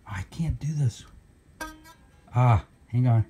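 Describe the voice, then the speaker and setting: Guy with a highish voice, taking his time, mock-bitter sarcastic rant into a handheld camera. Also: slow pace, darkish tone, faint music behind. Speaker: guitar builder. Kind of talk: sarcastic workshop vlog. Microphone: handheld camera mic.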